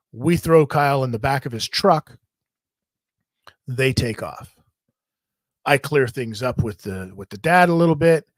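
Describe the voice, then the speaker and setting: A man in the middle of his range tells a wild story in a loose, rambling way, swearing freely and getting animated. His voice sits close and dry, with no room around it. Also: mid-range voice, dry recording. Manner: rambling, profane, animated retelling. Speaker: podcast host. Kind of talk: casual storytelling.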